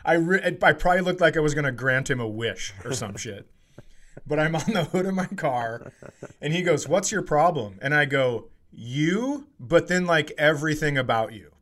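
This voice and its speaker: Middle-aged male comic, slightly high voice, rambling animated anecdote. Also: normal speed. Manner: animated, swearing, acts out heated quotes in a shrill voice. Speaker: comedian podcast co-host. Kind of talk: casual storytelling chat.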